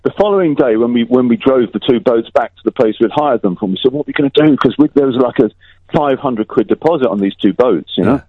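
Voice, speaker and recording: A man's voice: mid-range voice, fast, dry recording. Chatty male caller on a phone line. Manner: chatty, rambling with restarts. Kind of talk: casual phone-in storytelling.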